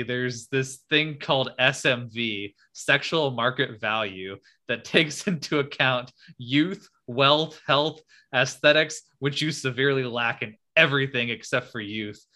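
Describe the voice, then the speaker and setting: A man reading aloud the rant of a pompous, angry young male texter, slowly and flatly. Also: medium pitch. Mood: mock-serious.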